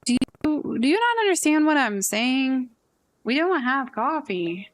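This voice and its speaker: A dry, blunt young shopkeeper from a video game, as a woman reads her lines. She sounds worn down and matter-of-fact. The voice sits fairly high. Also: sing-song, measured pace. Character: weary, blunt young woman running a tea shop.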